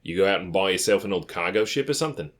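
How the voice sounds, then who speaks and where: Talking very fast with a low, animated voice, a man performs an audiobook character: a streetwise tape dealer with a faint accent. He comes across as jovial, cheerful, and friendly, like he's letting you in on a secret.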